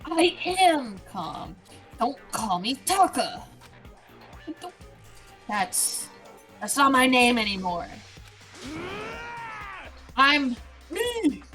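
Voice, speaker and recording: A woman voicing an intense young male student in a video game, reading his lines with fiery, shouted declarations. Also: high-pitched, sing-song, very slow, long pauses, soft background music, full character voice. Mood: fired up. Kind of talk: reading game dialogue aloud.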